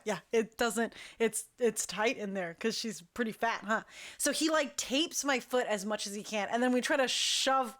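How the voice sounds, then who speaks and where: A young woman hosting a talk show, telling a long story in a chatty, animated way and acting out what people said. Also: high-pitched. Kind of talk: casual storytelling.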